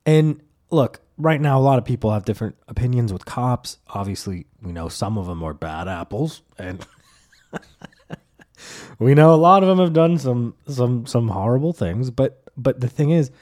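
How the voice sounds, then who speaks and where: A man hosting his own comedy podcast, telling a long story in a rambling, profane style with many fillers and restarts. He slips into deadpan, overly formal replies when he acts out his own lines. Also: mid-range voice, normal speed. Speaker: podcast host.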